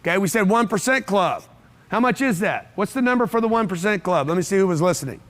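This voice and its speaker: A man's voice: high voice, animated, quick pace, fairly bright tone. A man giving a live motivational seminar talk to an audience, blunt and profane, firing off repeated rhetorical questions. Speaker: motivational speaker. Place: event room with a live audience.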